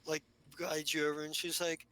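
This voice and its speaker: A man narrating as game master of a tabletop game, halting and full of fillers. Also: a little high, little pitch movement, sharp tone.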